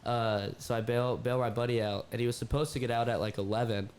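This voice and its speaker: A man hosting a casual podcast chat, relaxed and easygoing, often answering with short words of agreement. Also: mid-range voice, brisk, a little hiss or hum.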